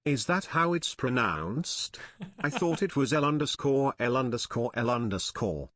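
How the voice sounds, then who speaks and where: A man's voice: mid-range voice, expressive, measured pace, fairly bright tone, dry recording, clean studio sound. A male text-to-speech voice reading out short viewer messages in a robotic way. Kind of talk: synthetic read-out of viewer messages.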